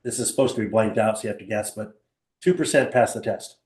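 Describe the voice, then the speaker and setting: A man's voice: lowish voice, quick pace. Older man teaching a seminar in an echoey room. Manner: animated storyteller, rhetorical questions, acts out other people. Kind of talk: live motivational seminar talk. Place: small room with live audience.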